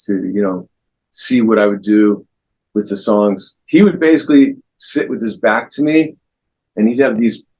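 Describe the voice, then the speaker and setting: A man being interviewed as a guest guitarist, telling long anecdotes in a rambling, relaxed way with many restarts. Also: on the low side, husky, highs cut off.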